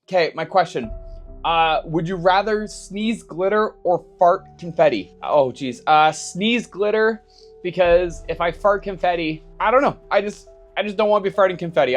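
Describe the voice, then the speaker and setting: A young man in casual vlog talk, chatty and rambling, restarting his sentences when he gets flustered. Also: high voice. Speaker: YouTuber.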